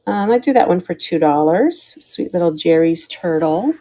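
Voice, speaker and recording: Mellow-voiced American woman selling jewelry live. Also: fairly low pitch, animated, moderate pace. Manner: chatty, calls out starting prices and thanks viewers by name. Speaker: live-stream jewelry seller. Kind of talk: live auction stream chat.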